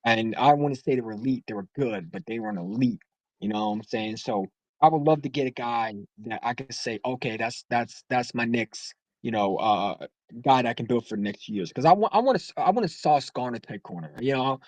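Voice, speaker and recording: A man's voice: medium pitch, lively intonation, brisk, dry recording, rough recording. Rambling, heated male caller. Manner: rambling, heated, many restarts. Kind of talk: casual sports call-in chat.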